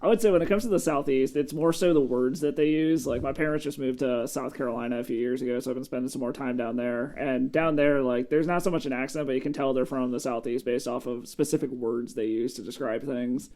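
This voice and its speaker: A man co-hosting a podcast, chatty and quick to jump into the conversation. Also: medium pitch, darkish tone. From Connecticut, USA. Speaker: podcast co-host. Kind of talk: casual podcast chat.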